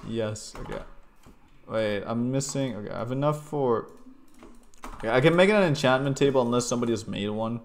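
A man's voice: medium pitch, normal speed, pauses often. A young man streaming a block-building game, grumbling and swearing while stumbling over repeated words. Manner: stammering restarts, swearing, grumbling. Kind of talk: casual gaming commentary.

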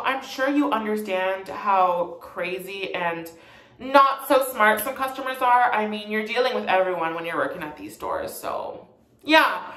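A woman's voice: medium pitch, a bit bright. A young woman chatting through a storytime vlog with a sassy, gossipy tone and plenty of fillers. Her mid-range voice bounces around an echoey room. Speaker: vlogger.

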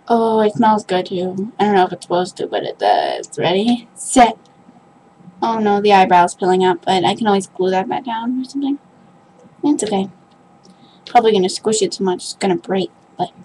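A woman's voice: medium pitch, moderate pace, long pauses, darkish tone, a little hiss or hum, rough recording. A young woman opening a package on her vlog, gushing, gasping and squealing with delight. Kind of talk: excited unboxing vlog.

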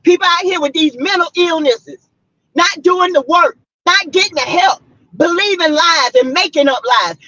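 A woman's voice: very high-pitched, normal speed, sharp tone, no room sound, muffled recording. A woman from South Carolina, a vlogger, delivering a fiery, preachy, blunt rant to her viewers from her car.

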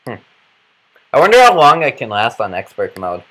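A man's voice: medium pitch, wildly swooping pitch, normal speed, a bit bright. A man giving goofy, rambling commentary while playing a video game, breaking into random outbursts. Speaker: let's play commentator.

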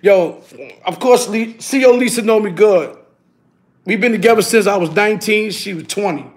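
A man's voice: high voice, normal speed. A man, telling casual stories on his stream and tossing in "you heard?" all the time. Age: 50s. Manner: animated, keeps adding "you heard?". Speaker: YouTube streamer. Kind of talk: casual storytelling.

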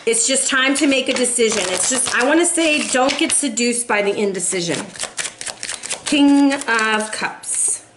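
A woman's voice: on the high side, a little slow, noisy background. A woman in her forties giving a casual tarot reading for viewers, earnest and emotional, sighing between messages. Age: 40s. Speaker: tarot reader.

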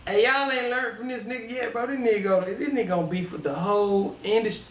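A man hosting a reaction video, chatting casually and laughing with excitement. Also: high-pitched, quick pace, a little hiss or hum. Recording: echoey room.

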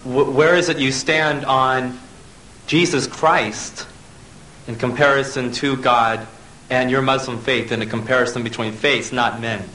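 A man's voice: medium pitch, steady tone, unhurried, bright, forceful tone. A man in the audience asking a speaker a probing question. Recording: echoey hall, distant mic, faint noise.

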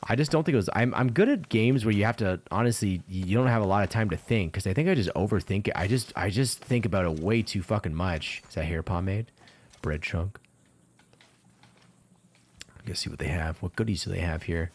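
Male streamer, very low voice, loose profane running commentary with frequent laughs. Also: a little fast. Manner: rambling, profane, laughs often. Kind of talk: casual gameplay commentary.

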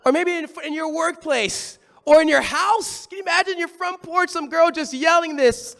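A man preaching a sermon, telling the story in an animated, conversational way. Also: very high-pitched, moderate pace, gravelly.

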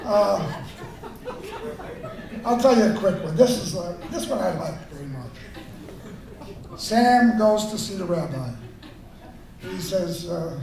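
An older man tells jokes to a live audience in a relaxed, chatty way, stopping now and then to find his words. His voice sits rather high for a man. He is picked up from well back across a hall that echoes heavily. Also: gravelly. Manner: unhurried, chatty joke delivery with hesitations. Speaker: storyteller telling jokes. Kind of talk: live joke telling to an audience. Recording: echoey room from far off, faint noise.

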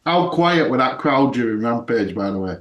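A man co-hosting a podcast, chatting casually with a relaxed, laid-back delivery, laughing often and trailing off into fillers. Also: mid-range voice, moderate pace, roomy sound, dull audio. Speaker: podcast co-host. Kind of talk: casual chat.

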